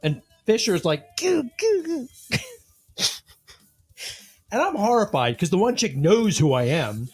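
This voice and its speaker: A man's voice: high-pitched, takes it slowly, pauses often, slightly rough. A man co-hosting a casual podcast chat, telling stories and acting out what people said. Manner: animated storyteller, acts out quotes. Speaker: podcast co-host.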